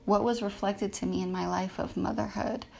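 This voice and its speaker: A woman's voice: medium pitch, steady tone, moderate pace, gravelly, darkish tone. A woman hosting a podcast, telling a personal story in a reflective, emotional way, with many fillers and restarts. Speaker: podcast host. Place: lives in a big city with a rooftop terrace.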